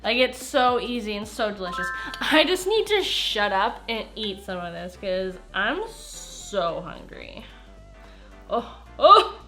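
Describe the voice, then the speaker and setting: A woman's voice: medium pitch, animated, a little slow, hardly any pauses, over music. A woman chatting casually in a home cooking vlog, bubbly and gushing over her meals. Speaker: food vlogger.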